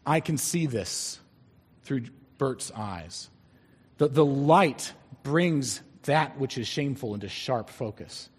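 Husky-voiced preacher in a reverberant hall. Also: male voice, mid-range voice. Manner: deliberate, stretching key words for emphasis. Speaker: pastor. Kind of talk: sermon.

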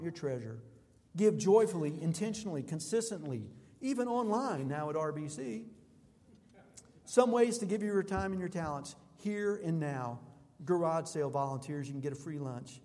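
A man's voice: fairly high pitch, expressive, normal speed, a little mellow. A man preaching a sermon as a pastor, emphatic and declamatory, building through rhythmic repetitions. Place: church sanctuary. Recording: long reverb of a large hall.

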